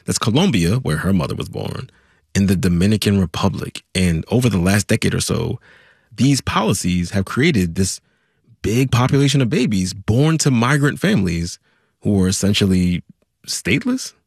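A man's voice: on the low side, lively intonation, moderate pace, vocal fry, breathy edge, dry recording. A man hosting a conversational news podcast, chatty and explanatory, recorded on a studio mic. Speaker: podcast host.

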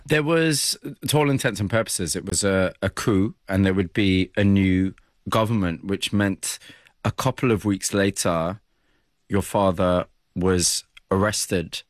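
A man interviewing, setting context and asking questions in a calm, measured way. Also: sits low, no echo, studio quality.

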